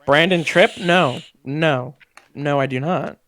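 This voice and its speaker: A young man co-hosting a loose chat among friends, rambling through stories with plenty of swearing. His voice sits a touch high and sounds smooth and clean. The mic is close and dry, with no room around him. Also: slow, a bit bright, no echo. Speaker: co-host.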